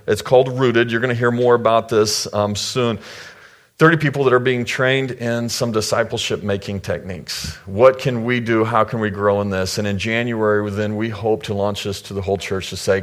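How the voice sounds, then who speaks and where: A middle-aged male pastor giving a conversational sermon to his church, acting out the people he quotes with sudden jumps in voice. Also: fairly low pitch.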